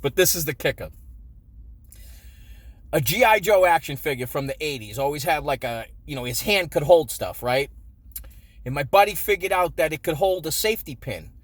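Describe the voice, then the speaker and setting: A man's voice: on the high side, expressive, normal speed, no echo. A man in his forties telling childhood stories in a casual, crude way, swearing and chuckling often. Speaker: storyteller. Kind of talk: casual storytelling vlog.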